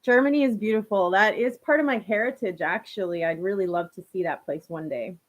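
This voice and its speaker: Fairly quick and at medium pitch, a young woman from Canada chats with viewers on a casual live stream and reads their comments aloud. She's warm and chatty, laughs often, and uses many fillers like "like" and "you know."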